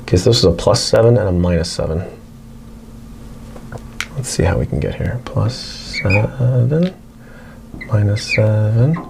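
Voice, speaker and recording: A man's voice: fairly low pitch, lively intonation, unhurried, creaky, long pauses, noisy background. A man teaching a casual whiteboard math lesson, chatting as he works through problems. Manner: chatty, talks to his barking dog between problems.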